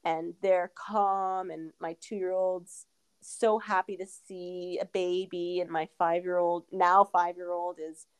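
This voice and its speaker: A woman's voice: lowish voice, flat delivery, slow pace, smooth. A woman in her thirties, a podcast guest telling a personal story in a candid, rambling way with many fillers. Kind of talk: casual interview storytelling.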